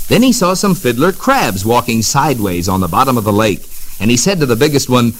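A man narrating a children's story on a record in a gentle, expressive way. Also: medium pitch, a little fast, slight background noise. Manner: gentle, sing-song and expressive.

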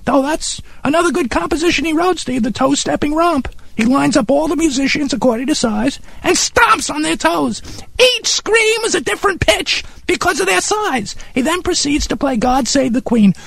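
A man playing Harry, an eccentric, pompous character in a comedy radio sketch, excitable and condescending as he gushes over bizarre music. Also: very high-pitched, moderate pace, vocal fry, no room sound, full character voice. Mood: huffy.

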